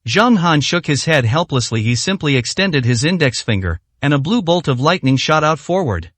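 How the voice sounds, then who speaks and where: A man reading a translated martial arts serial story aloud in a steady storytelling manner. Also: a little high, normal speed, no room sound. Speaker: narrator. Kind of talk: scripted story narration.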